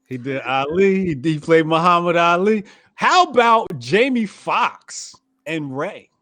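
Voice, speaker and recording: A man in casual podcast chat, pitched a little high and very animated. He laughs loudly and often. The sound is dry and close to the mic. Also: a little slow, dry recording. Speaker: podcast co-host.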